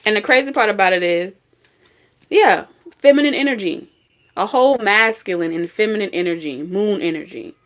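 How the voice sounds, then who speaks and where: A woman's voice: mid-range voice, moderate pace. Blunt, profane woman giving a tarot reading. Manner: blunt, profane, scolding street talk with sudden laughs and singing. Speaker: tarot reader.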